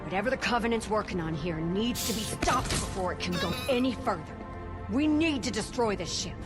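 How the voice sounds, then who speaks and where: A woman voicing a tough, self-assured female soldier in a game cutscene, her orders clipped and brisk. Her voice sits at a middling pitch, and game music plays clearly behind her. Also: animated, close to an everyday voice. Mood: determined. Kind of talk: video game cutscene dialogue.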